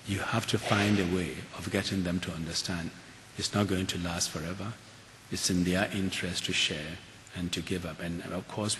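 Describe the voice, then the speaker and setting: An older man speaks in a very low voice, earnest and measured, often restarting his sentences. He is recorded in a large auditorium, so his voice carries a long reverb. A faint hiss sits under it. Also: fairly bright tone. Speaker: keynote speaker. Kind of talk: lecture and audience Q&A.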